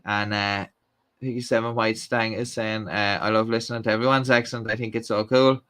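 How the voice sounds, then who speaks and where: A man's voice: lowish voice, flat delivery, fairly quick, a bit bright, clear, resonant tone. A young Irish man hosting a live stream, chatting casually and reading out viewer comments, with lots of fillers and restarts. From Ireland. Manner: rambling, many fillers and restarts.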